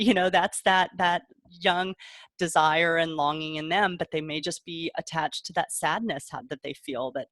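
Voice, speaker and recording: A woman's voice: deep voice, steady tone, moderate pace, no echo, clean studio sound. A middle-aged woman parent coach giving casual advice, chatty and laughing often, now and then acting out a child's voice. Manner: warm chatty explaining, acts out kid voices, laughs often.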